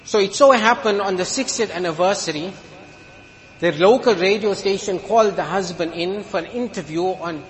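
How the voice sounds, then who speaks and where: Emphatic male preacher, high voice, long hall reverb, mixes humor into his sermon. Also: moderate pace.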